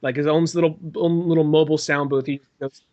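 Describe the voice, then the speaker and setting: A young man co-hosting a casual comedy podcast, dry in tone and telling little stories. His voice sits a bit high for a man. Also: flat delivery, fast talker, darkish tone, muffled recording. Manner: dry, storytelling with acted-out quotes. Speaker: podcast co-host.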